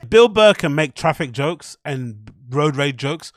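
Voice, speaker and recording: A British man running a livestream, reacting on the fly in a blunt, rambling way with plenty of swearing. His voice sits a bit high for a man. The sound is dry and close, with no room around it. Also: animated, takes it slowly, dry recording. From United Kingdom. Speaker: livestream host.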